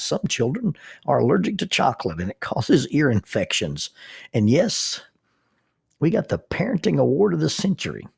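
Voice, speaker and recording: A man's voice: medium pitch, gravelly, husky, dry recording, studio quality. A middle-aged man hosting a podcast, telling humorous, folksy personal anecdotes. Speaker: podcast host and counselor.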